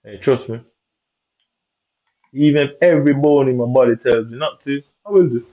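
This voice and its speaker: Muttering and ranting heavily, a man provides commentary on his own gameplay in a mid-range voice that is mellow, dark, and aggrieved throughout. His intonation is fairly even and his pace moderate. The sound quality is dull and lo-fi.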